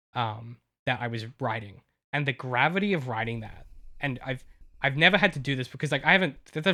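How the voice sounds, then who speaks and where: Male co-host, novelist, emotional and rambling, mid-pitched. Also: pushed and bright. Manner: emotional, rambling with many restarts. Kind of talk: casual chat.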